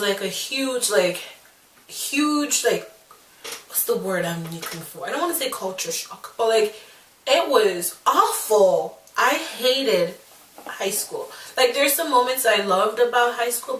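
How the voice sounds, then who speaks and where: A woman's voice: mid-range voice, distant mic. Sassy twenty-something woman doing a storytime vlog, lots of likes and you guys, room echo. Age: 20s. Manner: sassy, animated storytelling with many fillers. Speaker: vlogger. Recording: echoey room, mic set back.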